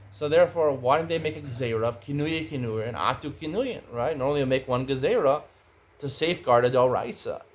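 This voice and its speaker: A middle-aged Talmud teacher gives a study lecture in a conversational style, growing animated whenever he raises questions. His voice is mid-range, with a little hiss or hum in the recording.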